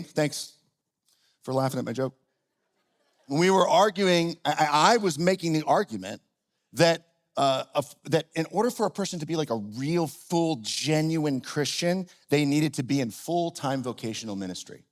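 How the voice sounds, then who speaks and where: A middle-aged man preaching a sermon in a relaxed, conversational way, often restarting his sentences and poking fun at himself. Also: a little high, normal speed. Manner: conversational, self-deprecating, with frequent restarts. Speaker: pastor. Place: church auditorium.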